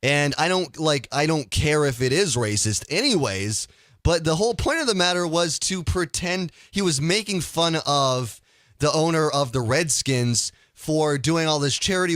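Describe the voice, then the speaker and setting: A man's voice: fairly high pitch, dry recording, clean studio sound. A man hosting a casual call-in radio show, ranting with energy and stumbling over his words. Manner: animated, ranting, stumbles and restarts.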